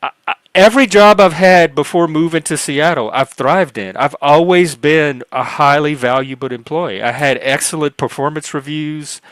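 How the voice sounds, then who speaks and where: A man's voice: on the high side, normal speed, hardly any pauses, fairly bright tone, no room sound. A man on a livestream panel telling a personal story in casual talk, earnest and rambling, with frequent restarts and self-corrections. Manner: earnest, acts out quoted dialogue.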